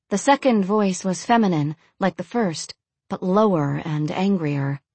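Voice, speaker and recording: A woman reads a dark, suspenseful story aloud in an even audiobook manner. Her voice sits on the low side for a woman, and the recording is dry and close with no room sound. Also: a little slow, no echo. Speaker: narrator. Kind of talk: audiobook narration.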